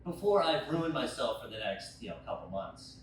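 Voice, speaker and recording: A young adult man telling a rambling, profane stand-up story, acting out scenes with sudden shouted quotes. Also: mid-range voice, sing-song, normal speed, a little hiss or hum. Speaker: stand-up comedian. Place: bar stage. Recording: echoey bar room from far off.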